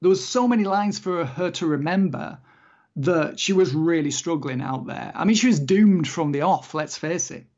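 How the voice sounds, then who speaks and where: A man's voice: on the high side, animated, moderate pace, darkish tone. A man co-hosting a podcast, talking in an exasperated, rambling, emphatic way. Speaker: podcast co-host. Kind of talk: casual chat. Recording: muffled lo-fi audio.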